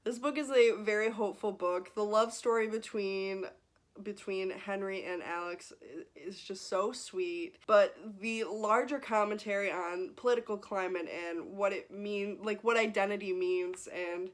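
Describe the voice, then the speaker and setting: A young woman in her twenties talks straight to her viewers about books she loves, gushing, laughing and on the edge of tears. Her voice sits at a middle pitch, and her words tumble out in casual, emotional bursts. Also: steady tone, a little slow. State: teary, close to crying. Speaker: book vlogger. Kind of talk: casual vlog chat.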